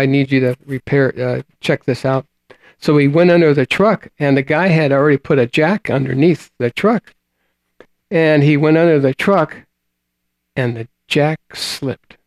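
A man preaching a sermon, reading scripture and retelling a testimony in a slow, halting way, often repeating words and trailing off quietly at the ends of phrases. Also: a little high, no echo.

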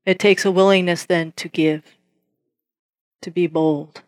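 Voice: medium pitch, unhurried, dry recording, clean studio sound. A preacher telling a testimony story in a sermon, acting out the dialogue in different voices. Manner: animated, acts out dialogue in quoted voices.

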